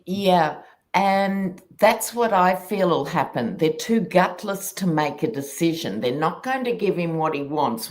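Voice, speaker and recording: A woman from Australia in a casual political chat on a video call, blunt and mocking. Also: on the low side.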